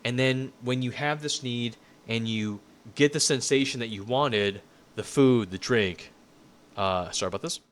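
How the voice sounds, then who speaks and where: A man in his thirties talks through a lecture in a loose, rambling way, restarting his sentences as he goes. His pitch sits in a plain middle range. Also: measured pace, fairly bright tone. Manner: conversational, rambling with restarts and personal anecdotes. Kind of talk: casual spoken lecture.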